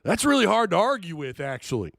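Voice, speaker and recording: A man's voice: high voice, very animated, fairly quick, creaky, a bit bright, no echo, clean studio sound. A man hosting a live-streamed sports talk show, reading chat and reacting in an incredulous, jokey way.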